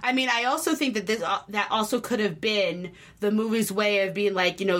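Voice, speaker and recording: A chatty woman talking through her thoughts in casual conversation, filling her sentences with little asides and hedging words. Her voice sits at an ordinary middle pitch, and she speaks loosely and animatedly, as if to a friend. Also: a little fast, few pauses. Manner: rambling, filler-heavy, animated, acts out quotes. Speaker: podcast co-host reviewing a film. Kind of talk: casual chat.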